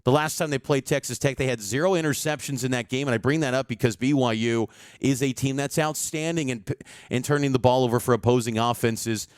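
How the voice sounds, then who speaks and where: Male sports reporter, confident stat-driven game preview, smooth resonant voice, dry close sound. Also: medium pitch, fairly quick, dry recording. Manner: stat-heavy, confident analysis.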